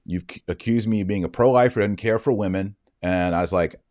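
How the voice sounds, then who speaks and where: Deep-voiced man telling a story. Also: a little fast, no room sound, studio quality. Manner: animated storytelling, acts out quoted dialogue. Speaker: podcast host. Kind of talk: casual commentary monologue.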